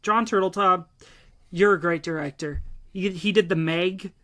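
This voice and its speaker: A man's voice: sits high, normal speed, a bit bright. A young man, co-hosting a podcast in blunt, profane, enthusiastic casual chat. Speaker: podcast co-host.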